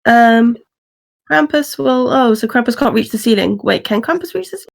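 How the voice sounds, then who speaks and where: A woman's voice: a little high, animated, moderate pace, creaky. A woman playing a tabletop game, giggly and a little unsure about the rules. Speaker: player. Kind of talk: casual tabletop game play.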